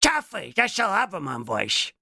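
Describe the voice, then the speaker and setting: On a live reaction stream, a young adult VTuber chats casually, bursting into playful shouts and repeatedly throwing in a questioning "what?" between remarks while stumbling and restarting mid-sentence. The mid-range voice is creaky and swings hugely in pitch at a normal speed. The recording is studio quality with no room sound.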